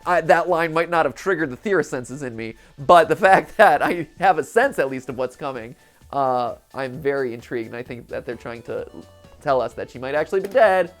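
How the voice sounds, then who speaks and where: A woman hosting a gaming show, giving excitable let's-play commentary, with lots of laughs and restarts. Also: sits low, a little fast, faint music behind.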